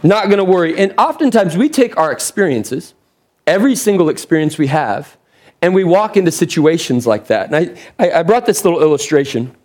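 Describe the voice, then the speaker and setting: A male pastor preaching, slightly high-voiced and lively. He tells a story with chatty asides and teases the congregation as he goes. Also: fairly quick. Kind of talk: sermon.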